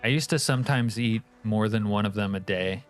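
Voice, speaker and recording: Casual male streamer, low-pitched, crude joking banter over faint background music. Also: fairly quick. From California. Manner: joking, profane banter with chat. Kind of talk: casual live-stream chat.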